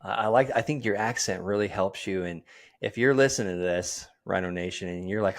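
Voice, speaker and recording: A man hosting a podcast, energetic and joking, ending with a salesy call to action. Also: fairly low pitch, brisk. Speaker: podcast host. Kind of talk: casual interview and sign-off pitch. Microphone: portable setup.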